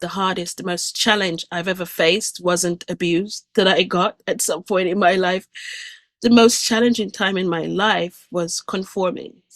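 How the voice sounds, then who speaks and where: A woman with a lowish, steady, slightly bright voice talks a little slowly, recorded without echo. She is a guest speaker recounting her near-death experience earnestly and vividly, breaking off and restarting as her feelings rise.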